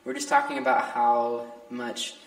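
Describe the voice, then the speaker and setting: A young man, a podcast guest, chatting casually in a halting way, restarting and searching for words. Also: medium pitch, flat delivery. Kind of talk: casual chat. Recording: echoey room, distant from mic.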